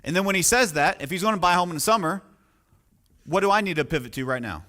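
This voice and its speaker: A man's voice: high-pitched, fast. Emphatic man coaching sales. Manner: energetic, emphatic, asks the audience questions. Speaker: real estate sales coach. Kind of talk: sales training talk.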